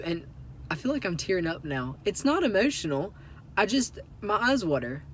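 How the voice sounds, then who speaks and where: A man's voice: high-pitched, very animated, moderate pace, fairly bright tone, a little hiss or hum. A young man telling an embarrassing story to camera, sheepish and self-deprecating, with lots of fillers. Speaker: vlogger. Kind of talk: casual storytelling.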